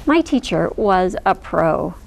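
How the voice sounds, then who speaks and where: A woman's voice: fairly low pitch, sing-song, slow, gravelly. A woman reading a children's picture book aloud at storytime, in a playful way with frequent small laughs. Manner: playful, laughs between lines. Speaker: storytime reader.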